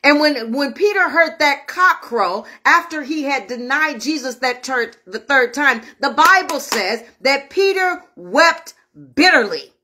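A woman's voice: sits high, expressive, unhurried, hardly any pauses, sharp tone. A woman minister preaching an online sermon, emphatic and repetitive, speaking straight to her viewers. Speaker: minister and host of an online prayer show.

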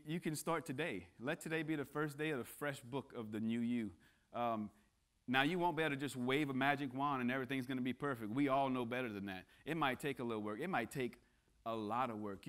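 Man, guest preacher, casual sermon; joking yet earnest, stumbles and restarts, medium pitch. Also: a bit bright. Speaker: guest speaker. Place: church sanctuary.

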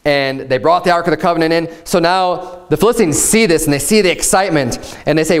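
A male pastor delivers a sermon in a voice pitched a little above most men's. He talks earnestly, slipping into relaxed asides and fillers, then draws his words out and lifts his voice when he drives a point home. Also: brisk, few pauses. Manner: earnest preaching, rising higher and drawing words out for emphasis.

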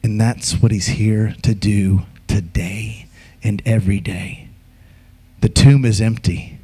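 A man preaching an Easter sermon as pastor, emphatic, with acted asides and sudden shouts. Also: fairly low pitch, steady tone, slow pace, husky.

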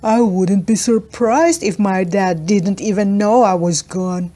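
A woman doing a loud, sulky young boy. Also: medium pitch, a little slow, close to an everyday voice. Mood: bitter.

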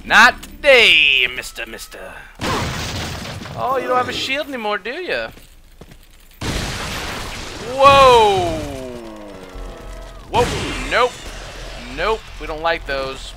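A man's voice: high voice, very animated, a little slow, pauses often, over music. A man giving casual, jokey, profane commentary while he plays through a video game. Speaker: gaming streamer.

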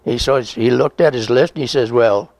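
A man's voice: medium pitch, fairly quick, gravelly, darkish tone, no room sound. A man in his nineties, a veteran being interviewed, telling a rambling, folksy story with chuckles and reenacted dialogue. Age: 90s. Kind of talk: conversational oral history storytelling.

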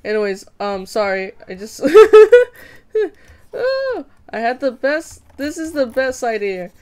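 A woman's voice: fairly high pitch, very animated, a little slow. A young woman chatting casually with viewers while drawing on a live stream, playful, giggly and self-mocking. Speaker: streamer drawing fan art.

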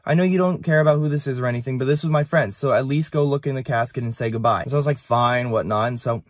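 A man's voice: medium pitch, quick pace, dry recording, studio quality. A man telling a wry personal storytime anecdote. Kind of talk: casual storytime.

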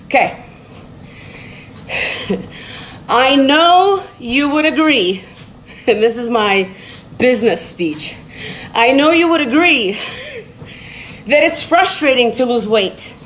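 High-voiced woman rambling on a treadmill. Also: big pitch swings, takes it slowly, pauses often, fairly bright tone, a little hiss or hum, low-quality recording. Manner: rambling and blunt, with frequent laughs and swearing. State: walking on a treadmill while talking. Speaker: TikTok live streamer. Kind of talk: casual motivational live-stream talk. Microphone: phone live stream.

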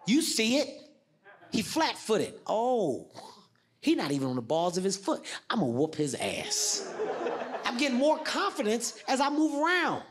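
A man doing animated stand-up storytelling with shouted bits. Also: extremely high pitch. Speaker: stand-up comedian. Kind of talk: stand-up set. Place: theater stage with audience. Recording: stage mic with loud audience laughter.

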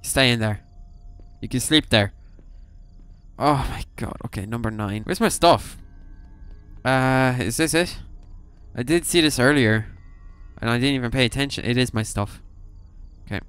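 A young man narrating his horror game run, jumpy and quick to swear. His voice is smooth and clear, set at an ordinary middle pitch. He reads the on-screen text aloud as he plays. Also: a bit bright, faint music behind. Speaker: gaming YouTuber. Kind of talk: horror game let's play commentary.

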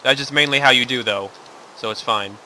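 A man hosting a casual game playthrough, muttering to himself and then breaking into yelps and shouts. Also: mid-range voice, fairly quick, slight background noise. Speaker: gaming channel host. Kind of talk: casual let's play commentary.

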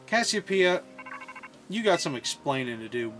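A man's voice: medium pitch, expressive, moderate pace, fairly bright tone. A man hosting a let's play, commentating on a video game with joking, self-mocking asides. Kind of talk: gameplay commentary. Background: faint game music.

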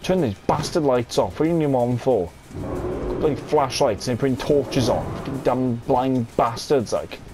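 A man's voice: mid-range voice, moderate pace, music in the background. A young man giving gameplay commentary, irritable and swearing, muttering to himself as he plays. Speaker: gamer.

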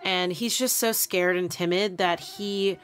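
A woman co-hosting a casual podcast, telling animated stories with lots of fillers and laughter. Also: fairly low pitch, a little slow. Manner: animated storyteller, many fillers, laughs often. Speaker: podcast co-host. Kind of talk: casual chat.

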